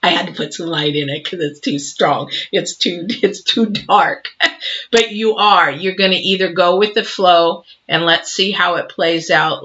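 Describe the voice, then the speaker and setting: A man giving an intuitive tarot reading to camera, earnest and a little emotional, talking in halting runs with frequent restarts. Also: fairly high pitch, bright, forceful tone, dull audio. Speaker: tarot reader.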